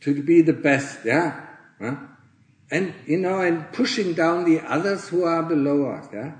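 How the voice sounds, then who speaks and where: Earnest monk ending phrases with "yeah?". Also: male voice, fairly high pitch, measured pace, roomy sound, low-quality recording. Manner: earnest, tags nearly every phrase with 'yeah?' or 'huh?'; clears his throat often. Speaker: Buddhist monk teaching fellow monastics. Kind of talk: Dharma talk. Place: monastery in Thailand.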